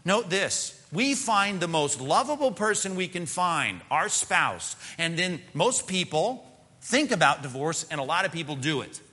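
A middle-aged man preaching a sermon as pastor, animated and conversational, slipping into acted-out asides. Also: fairly high pitch, unhurried. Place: church sanctuary. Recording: long hall reverb.

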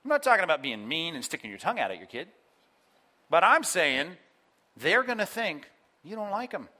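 A man delivers a sermon from the pulpit in a bright, slightly high voice. He is animated, speaks straight to his listeners and acts out the people he quotes. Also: a little fast. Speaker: pastor. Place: church.

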